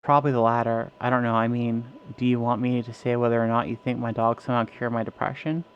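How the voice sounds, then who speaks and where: A man's voice: medium pitch, little pitch movement, fast talker, clean tone, lo-fi sound, natural voice. A man reading as a weary, depressed test subject. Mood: resigned. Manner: heavy, resigned, cursing.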